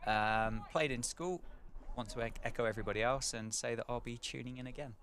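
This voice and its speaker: A man's voice: medium pitch, fairly quick, a little hiss or hum. A man commentating live on a county cricket match, chatting between balls and lifting for big moments. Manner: conversational, rising to excited calls at wickets.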